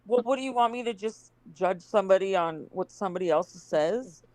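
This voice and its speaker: A woman's voice: medium pitch, brisk, dry recording, poor audio. A woman with a mid-range voice chatting as a guest on an online panel. She retells things with animation and often hedges. The sound is dry and close to the mic. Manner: chatty, animated when retelling, hedging with "I don't know". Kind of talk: casual chat.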